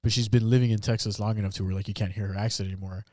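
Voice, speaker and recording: A man's voice: on the low side, steady tone, racing, warm tone, no echo, clean studio sound. Laid-back swearing podcast guy. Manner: profane, laid-back, laughs along. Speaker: podcast host. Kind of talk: casual chat.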